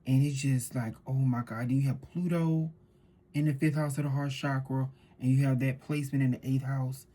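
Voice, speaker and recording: A woman talks through a tarot reading in a loose, animated way and circles back to repeat her points. Her voice is breathy and husky, with a dark, relaxed tone. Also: very deep voice, normal speed. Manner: animated storytelling with repeated phrases. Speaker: tarot reader. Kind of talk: casual tarot reading monologue.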